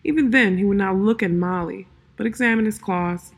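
Breathy woman narrating a fantasy story. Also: medium pitch, normal speed. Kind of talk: fantasy audiobook reading.

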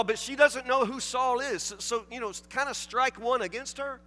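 A man preaching a sermon, telling the story with animated, emphatic delivery and repeated phrases. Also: very high-pitched, normal speed, hardly any pauses, in a large hall, soft background music. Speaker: pastor.

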